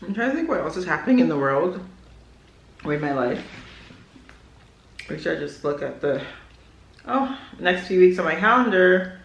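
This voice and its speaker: A woman's voice: fairly low pitch, expressive, moderate pace, creaky, pauses often. A young woman vlogging at home, chatting in a rambling way with many fillers while she eats. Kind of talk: casual chat while eating. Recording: echoey room.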